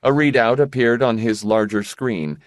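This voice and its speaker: A man narrating an audiobook in a measured, expressive reading voice. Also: mid-range voice, dry recording, studio quality. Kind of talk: scripted narration.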